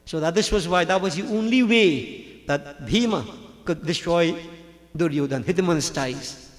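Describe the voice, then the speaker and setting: A man's voice: a little high, moderate pace. A man preaching a sermon, telling scripture stories dramatically and acting out the characters. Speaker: pandit preacher. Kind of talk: sermon storytelling. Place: large hall at a religious gathering. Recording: long reverb of a hall.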